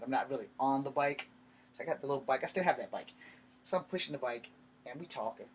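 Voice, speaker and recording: Profane man rambling through a story. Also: medium pitch. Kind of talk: casual storytelling vlog. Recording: faint background noise.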